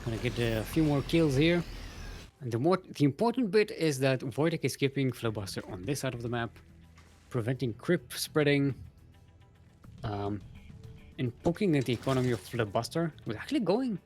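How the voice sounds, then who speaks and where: A man's voice: medium pitch, animated, moderate pace, pauses often, a little mellow, soft background music. A man casting a live strategy game match, chatty and self-mocking with trailing fillers. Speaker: esports caster.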